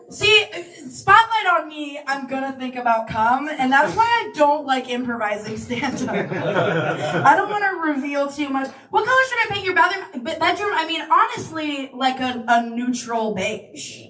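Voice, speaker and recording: A woman's voice: high-pitched, sing-song, measured pace, bright, forceful tone, distant mic. A woman comedian improvising stand-up, giggly and self-deprecating. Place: comedy club stage. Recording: roomy club sound from afar, crowd. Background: audience laughter.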